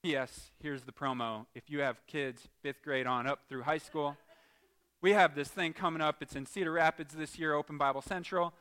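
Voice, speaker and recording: A man preaching a lively church sermon as pastor, joking with the congregation and swinging from quiet asides to loud exclaims. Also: fairly high pitch, normal speed, clean tone. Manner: animated, jokey, shifts from quiet asides to loud shouts.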